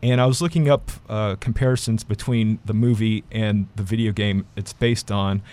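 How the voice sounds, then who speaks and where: A man's voice: on the low side, fairly even intonation, moderate pace, a little mellow. A man reviewing films in a casual chat, rambling with many fillers and restarts. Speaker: film critic.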